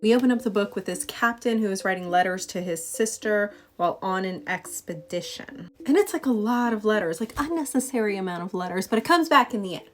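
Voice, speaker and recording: A woman's voice: mid-range voice, fairly quick, hardly any pauses. A young adult woman telling a story as a comedic casual retelling, chatty and sarcastic, full of filler words. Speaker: comedic book summarizer.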